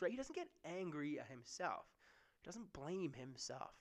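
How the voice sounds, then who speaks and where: Guy preaching a sermon, pretty high voice, chatty and keeps saying right?. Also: very animated, normal speed. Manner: conversational, often asks "right?". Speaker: pastor.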